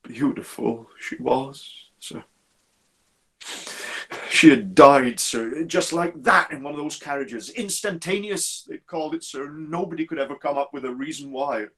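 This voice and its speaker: A man voicing a troubled railway signalman who speaks haltingly and deferentially, calling his listener "sir" again and again. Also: on the high side, a bit bright. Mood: grieving, hushed. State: distressed and troubled. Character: haunted, anxious middle-aged male railway signalman. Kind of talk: performed storytelling.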